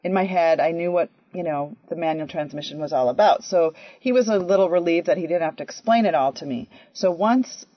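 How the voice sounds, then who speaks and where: A woman telling a personal story in a chatty, animated way, often saying "you know" and "um". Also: fairly low pitch, a little fast, hardly any pauses, dry recording. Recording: dry, dull lo-fi audio.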